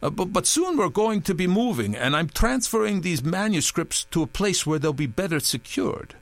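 A man's voice: sits high, huge pitch swings, moderate pace, gravelly, fairly bright tone, no room sound, voice pushed up, exaggerated voice. A man reading aloud and putting on a jittery male keeper of old books, his voice pushed well above his own and stammering over his words. He pleads and insists by turns, always anxious. It sounds dry and close, like a booth recording for an audiobook. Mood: flustered.

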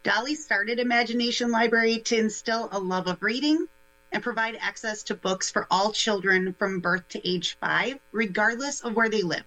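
Bright-toned woman guest, steady. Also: on the high side, normal speed, poor audio. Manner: steady, informative, a few fillers. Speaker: guest, nonprofit initiatives director. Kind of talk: radio interview, informative.

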